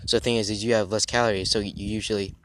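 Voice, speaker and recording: Young male fitness vlogger, slightly low voice, casual and meandering, restarts a lot, recorded outdoors. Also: level tone, slight background noise. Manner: halting, restarts often, drifts off topic. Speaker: fitness YouTuber. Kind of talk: rambling casual vlog talk.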